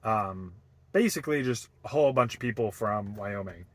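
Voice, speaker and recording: A young man from Boston in a casual, reflective vlog, talking haltingly with many fillers and restarts. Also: lowish voice, lively intonation, a bit bright, dry recording. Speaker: vlogger.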